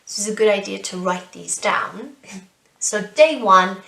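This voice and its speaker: Young woman teacher, slow careful drills, lots of good and well done, echoey room, kinda far from the mic. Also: medium pitch, animated, pushed and bright. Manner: encouraging, drills words and praises learners. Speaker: English teacher. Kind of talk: slow beginner language lesson with repetition.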